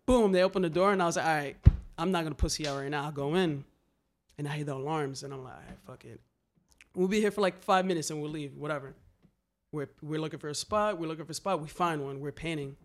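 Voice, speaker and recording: This graffiti writer has a fairly high voice and talks fast as he spins wild stories in a casual chat. He's animated and slangy, swears a lot, and acts out what people said.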